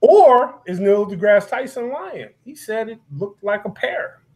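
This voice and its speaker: A man appearing as a guest on a casual talk show, telling stories in an animated, emphatic way. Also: high-pitched, unhurried. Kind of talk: casual chat.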